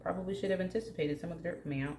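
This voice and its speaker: A woman's voice: on the low side, very fast, warm tone. A woman hosting a casual home plant-care vlog, chatty and jokey, talking to her plants as she works. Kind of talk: casual hands-on vlog chat. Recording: echoey room with faint hum.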